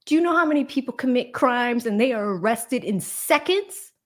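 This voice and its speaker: A woman's voice: fairly high pitch, expressive, moderate pace. A woman hosting a true crime commentary livestream, indignant and emphatic, talking straight to her viewers. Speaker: livestream host.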